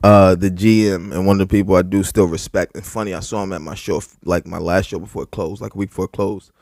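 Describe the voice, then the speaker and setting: A man's voice: low-pitched, fast, no echo, clean studio sound. A man co-hosting a podcast, telling a story in casual, profane talk full of filler words and restarts. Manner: heavy filler words, profane, animated retelling. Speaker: podcast co-host.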